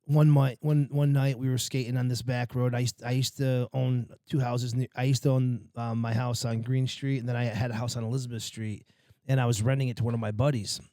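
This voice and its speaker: A man on a podcast telling a rambling, profane prank story, loudly acting out the people in it. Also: mid-range voice, little pitch movement, fairly quick, no echo, clean studio sound. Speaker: podcast host. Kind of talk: casual storytelling chat.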